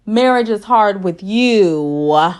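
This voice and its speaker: This is an exasperated young husband, as a woman puts him on. He is blunt and dismissive and a touch loud. The voice stays close to an everyday speaking voice. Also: medium pitch, lively intonation, slow pace, smooth. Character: exasperated young man arguing with his wife.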